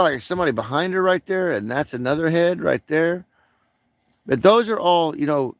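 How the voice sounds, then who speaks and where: A man's voice: mid-range voice, dry recording. A man rambling profanely during a late-night livestream, with many fillers, smoking and coughing.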